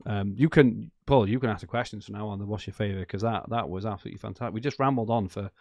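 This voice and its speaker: Low gravelly podcast host. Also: male voice, fast talker, a little mellow, dry recording. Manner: enthusiastic, rambling, laughs often. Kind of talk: casual chat.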